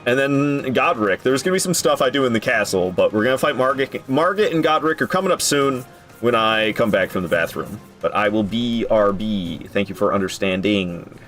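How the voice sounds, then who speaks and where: Soft background music plays as a man gives easygoing live commentary on a game he's streaming. He talks at a moderate pace, but when he's surprised he gets excitable and his voice jumps up high.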